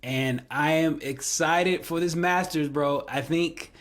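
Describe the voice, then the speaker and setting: Excitable male golf show co-host. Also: on the high side, slow. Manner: excitable, repeats himself. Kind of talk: casual sports chat.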